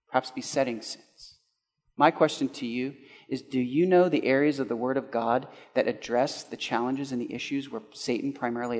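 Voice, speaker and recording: A male pastor preaching a sermon, asking rhetorical questions and swinging between loud and hushed. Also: mid-range voice, in a large hall.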